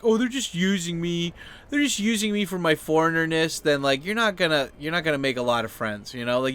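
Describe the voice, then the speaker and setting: A man, host of his channel, telling a story as a casual rant, full of "like" and fillers and acting out the people he quotes. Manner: rambling, heavy use of "like" and fillers; acts out quoted people with sudden high, loud outbursts.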